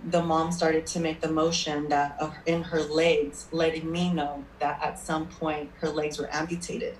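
A woman's voice: sits low, little pitch movement, unhurried. A woman working as a spirit medium, telling stories in a chatty way in a casual interview. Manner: chatty anecdotal storyteller, checks in with "okay?". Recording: roomy, distant mic, faint noise.

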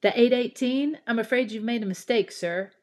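A woman voicing a polite, patient train station conductor in an English lesson dialogue, emphatic and clearly spoken. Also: medium pitch, unhurried, pitched above the performer's own voice, lightly acted.

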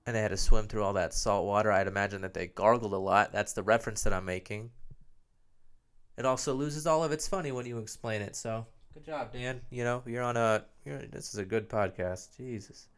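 A young man with a somewhat low voice talks alone into his podcast mic, sounding nasal and phlegmy from a sore throat. He rambles in a loose, self-mocking way and swears freely. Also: brisk, a bit bright, clean tone. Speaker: podcast host. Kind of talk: rambling solo podcast chat.

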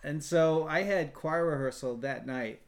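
A man's voice: fairly high pitch, a little slow. A man, a choir founder, telling a story in a casual podcast interview and bringing the people he quotes to life. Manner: animated storyteller, quotes others in lively voices.

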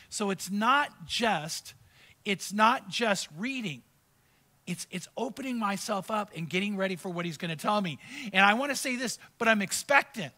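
A man's voice: sits high, animated, normal speed, bright, forceful tone. A male pastor preaching a sermon, reading verses aloud and teaching through personal stories in a conversational way.

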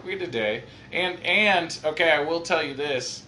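A man's voice: on the high side, measured pace, pushed and bright, reverberant, slight background noise. A man co-hosting a casual comedy podcast, telling rambling, self-deprecating stories. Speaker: podcast co-host.

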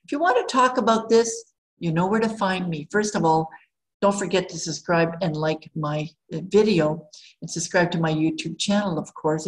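Brief: woman life coach, lower-pitched, upbeat and encouraging, casual vlog delivery. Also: low-quality recording. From Canada. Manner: upbeat, encouraging, talks straight to the viewer.

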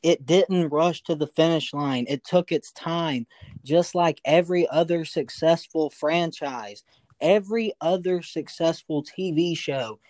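A man co-hosts a casual podcast debate and presses his case quickly and insistently. His voice sits somewhat high for a man. The recording is dry and close, with no room sound. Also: a little mellow, dry recording. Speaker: podcast co-host.

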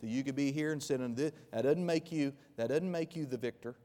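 A pastor in his forties preaching a sermon, with emphatic loud bursts that drop into quiet, close asides. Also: medium pitch, brisk, long reverb tail. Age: 40s.

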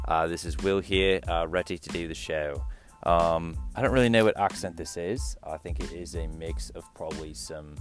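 A man doing a playful put-on accent that mixes British, Australian and Irish sounds while hosting his podcast intro. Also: deep voice. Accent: put-on mix of British, Australian and Irish. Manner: playful, loose, running with it. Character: the host himself in a jokey mixed accent. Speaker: podcast host.

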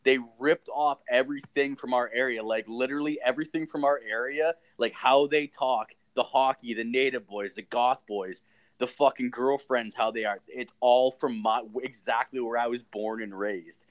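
A man's voice: mid-range voice, fairly even intonation, moderate pace. A young man from rural Ontario, Canada, co-hosting a casual chat, telling rambling stories full of swearing. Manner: rambling, heavy swearing, laid-back storytelling.

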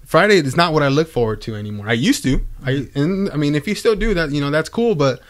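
A man's voice: a little high, fast. Man, young adult, podcast co-host, casual chat, slangy, frequent restarts. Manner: relaxed, slangy, many restarts.

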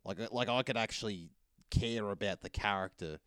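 A man's voice: on the low side, moderate pace, fairly bright tone, clear, resonant tone, no room sound, studio quality. A man chatting casually about films, rambling with lots of fillers and restarts. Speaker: film reviewer. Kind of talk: casual film review chat.

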